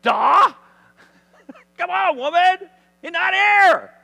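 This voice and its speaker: Picture bright angels in white, voiced high and teasing by a preacher. They sound incredulous and ring out in a long, reverberant hall. Crisp and forceful. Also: male voice, animated, very slow, faint music behind, heavily acted.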